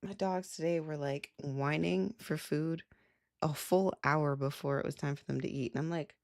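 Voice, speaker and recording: A woman's voice: sits low, steady tone, normal speed. A young adult woman live streamer chatting casually, rambling with lots of "like" fillers and laughs. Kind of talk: casual chat.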